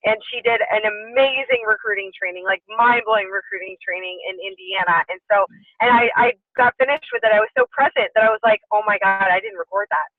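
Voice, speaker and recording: A woman introducing a guest on a conference call, gushing and excitable with many fillers. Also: medium pitch, a little fast, dry recording. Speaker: team leader hosting a call. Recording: tinny distant phone line.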